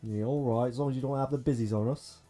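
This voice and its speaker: A man, narrating as game master with rough, swearing banter and frequent laughs. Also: mid-range voice, fairly even intonation, fast, warm tone, soft background music. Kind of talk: narrating a tabletop role-playing game.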